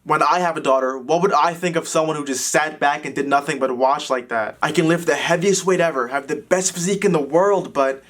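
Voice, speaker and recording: Candid young man with a high voice. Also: a little fast, few pauses, a bit bright. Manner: candid, self-deprecating storytelling. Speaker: vlogger. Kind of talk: personal confessional monologue.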